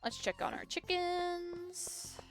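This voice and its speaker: A woman's voice: very high-pitched, lively intonation, slow, soft background music. A woman game streamer chatting casually while she plays, rambling through a story with lots of "like" and free swearing.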